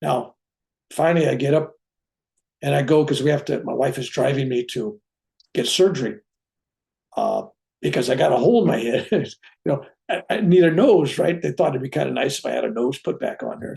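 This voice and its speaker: A man, a reverend, telling a personal story in an animated way, acting out the people he quotes. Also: mid-range voice, normal speed, vocal fry. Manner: animated retelling, acting out quoted voices, chuckling asides. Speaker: reverend sharing a spiritual experience.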